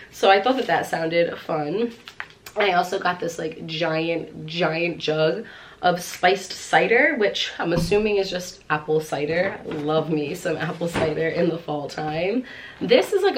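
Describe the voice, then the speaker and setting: A woman's voice: on the low side, slight background noise. Breathless chatty young woman vlogging. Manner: chatty, gushing, lots of fillers. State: pregnant and out of breath. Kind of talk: casual haul vlog. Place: home.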